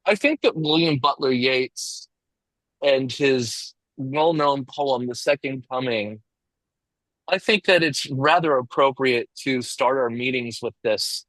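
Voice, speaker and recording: A man gives an informal lecture to a small group in a meeting room. His voice sits in a middle register, and he talks in a measured, reflective way, sometimes restarting a phrase. The sound is dry, with little room echo. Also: medium pitch, fairly bright tone. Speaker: discussion group leader.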